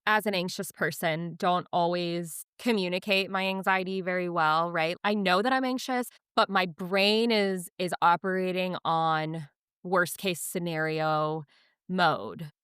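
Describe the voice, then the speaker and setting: A woman in her thirties, a podcast co-host chatting casually and telling animated stories, acting out the voices she quotes. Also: on the low side, a little slow, clear, resonant tone, dry recording, clean studio sound. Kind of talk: casual chat.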